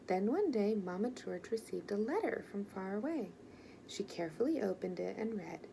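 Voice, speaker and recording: A woman gently and expressively reading a children's picture book aloud. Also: mid-range voice, expressive, normal speed, creaky, a little hiss or hum, poor audio. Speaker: storyteller.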